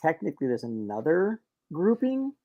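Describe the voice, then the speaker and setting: A man playing a casual online trivia game, eager and quick when excited. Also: fairly high pitch, dry recording, muffled recording. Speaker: trivia contestant.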